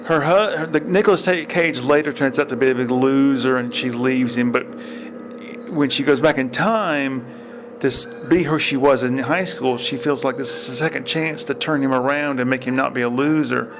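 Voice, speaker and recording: Out at a state park beside a river, a podcast host chats casually, wandering through film stories and performing their quotes. He speaks with a medium pitch at a moderate pace.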